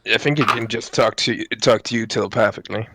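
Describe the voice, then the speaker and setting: A man's voice: fairly low pitch, fast, a crowd in the background, rough recording. A man playing a casual tabletop game, chatting and offering suggestions to the others. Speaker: player.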